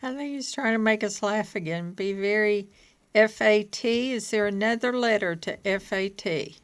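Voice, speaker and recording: A woman from Kentucky reading letters off a board one at a time, patiently asking questions and laughing softly now and then. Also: medium pitch, normal speed, clear, resonant tone.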